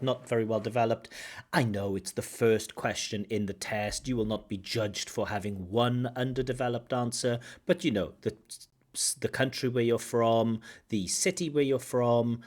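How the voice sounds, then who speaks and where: A man's voice: mid-range voice, normal speed, darkish tone. A man who works as a language examiner, breaking down a recorded speaking test and commenting point by point. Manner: explanatory, stops to comment. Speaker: IELTS examiner and teacher. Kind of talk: spoken exam feedback.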